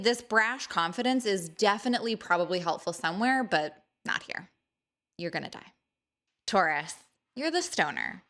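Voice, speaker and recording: A woman's voice: mid-range voice, a bit bright. A woman hosting an astrology video, teasing the signs in a chatty, mock-dramatic monologue. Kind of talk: casual playful monologue to camera.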